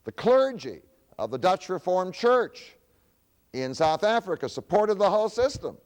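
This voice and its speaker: A man's voice: high-pitched, big pitch swings, measured pace, darkish tone, in a large hall. A man giving a public lecture, who poses rhetorical questions and answers them himself.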